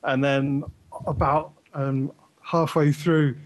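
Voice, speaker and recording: A man co-hosting a casual gaming chat, explaining things enthusiastically while pausing often with fillers. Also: a little high, fairly even intonation.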